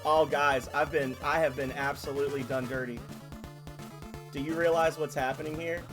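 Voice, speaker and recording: A man streaming a video game live, chatting excitedly with viewers and laughing often. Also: a little high, normal speed. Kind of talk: live-stream gaming commentary. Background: video game music.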